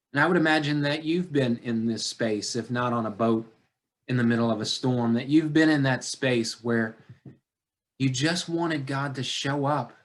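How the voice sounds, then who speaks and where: In a mid-range voice, a pastor moves through his sermon deliberately and searchingly, pressing the congregation with repeated rhetorical questions.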